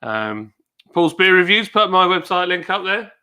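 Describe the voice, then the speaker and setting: A man with a British accent chatting excitedly on a live stream, exclaiming and laughing often. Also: sits high, moderate pace, smooth. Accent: British English. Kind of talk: casual live stream chat.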